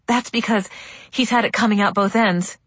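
A woman's voice: medium pitch, normal speed, a bit bright, breathy edge, no room sound. Woman voicing a desperate shaking-voiced mother. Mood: arguing. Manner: urgent, pleading, voice shaking. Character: frantic young mother shielding her son.

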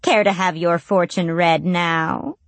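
A woman's voice: mid-range voice, expressive, a little slow, fairly bright tone, dry recording, pitched above the performer's own voice. A woman voicing an old crone witch who tells fortunes, sly and menacing, with a crooning, taunting manner. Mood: crooning menace.

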